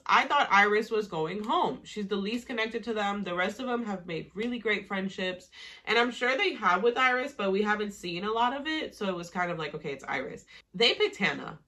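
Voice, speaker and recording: Woman, bright timbre, casual reality-TV recap, heated and profane. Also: mid-range voice, expressive, moderate pace. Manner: heated, profane, exasperated ranting. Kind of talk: casual reaction commentary.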